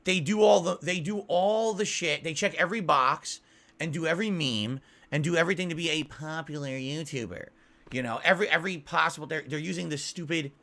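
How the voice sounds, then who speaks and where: Exasperated ranting man, fairly high voice. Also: moderate pace, gravelly, sharp tone. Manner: exasperated, repetitive, swearing. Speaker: YouTuber. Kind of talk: ranting monologue.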